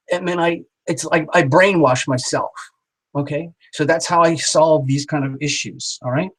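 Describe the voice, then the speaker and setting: A man's voice: a little high, moderate pace, breathy edge. A man hosting a live tarot reading stream, talking in a chatty, encouraging way. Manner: warm, encouraging, chatty, with playful exaggerated voices. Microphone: small built-in camera mic. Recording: small camera on a poor live-stream connection.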